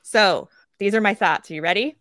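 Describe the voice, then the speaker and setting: A woman co-hosting a casual podcast. She rants in a lively way, swears freely and acts out quoted characters. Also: mid-range voice, moderate pace, no echo, studio quality. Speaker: podcast co-host.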